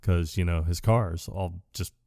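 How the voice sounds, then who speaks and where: A man's voice: sits low, fairly even intonation, measured pace, vocal fry, a little mellow, no room sound, clean studio sound. A man co-hosting a podcast, casually retelling a film plot in a rambling way and acting out the characters' lines. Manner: rambling, acts out quoted lines. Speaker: podcast co-host.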